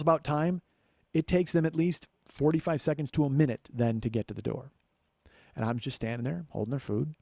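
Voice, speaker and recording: A man's voice: medium pitch, mellow, dry recording. A male comedian and podcast host telling a profane, sardonic story as a ranting monologue.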